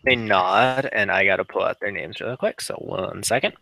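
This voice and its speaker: A man running a tabletop game, briskly narrating scenes and voicing side characters. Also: fairly low pitch, gravelly, sharp tone, no room sound. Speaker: game master.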